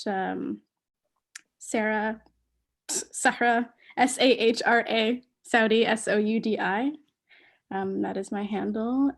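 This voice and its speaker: Woman talking real slow on a call, gravelly voice, lots of ums. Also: medium pitch. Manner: slow, thoughtful, many ums. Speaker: guest speaker. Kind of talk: casual video call conversation.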